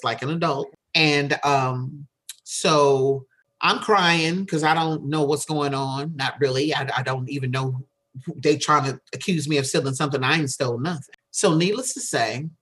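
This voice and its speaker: A woman from the Cleveland area telling a personal story candidly in a colloquial way, sometimes swearing and slowing down for emphasis. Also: sits low, husky. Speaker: guest storyteller. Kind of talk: casual spoken storytelling.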